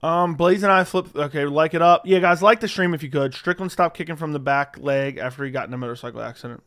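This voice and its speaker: Clear-voiced man chatting on a livestream. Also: a little high, quick pace. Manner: reads chat questions aloud and answers offhand; relaxed, swears freely. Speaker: livestream host. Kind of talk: casual live-stream chat. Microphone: studio dynamic mic.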